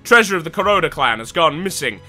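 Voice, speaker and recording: A man's voice: fairly high pitch, animated, fast talker, bright, forceful tone, faint music behind, exaggerated voice. A man reading out a formal, courteous samurai lord. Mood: earnest pleading.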